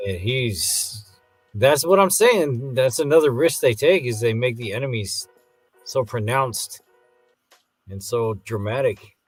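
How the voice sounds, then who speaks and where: A man's voice: mid-range voice, lively intonation, measured pace, breathy edge, no echo, faint music behind. A man co-hosting a casual movie review chat, breaking down the film and cracking jokes, with some word repetition. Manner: joking, analytical, repeats words. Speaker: podcast co-host.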